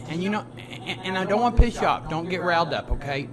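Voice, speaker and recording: A man talking warmly and rambling, stammering and laughing often as he encourages a friend. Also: high voice, expressive, fast talker, crowd noise. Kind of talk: heartfelt personal talk.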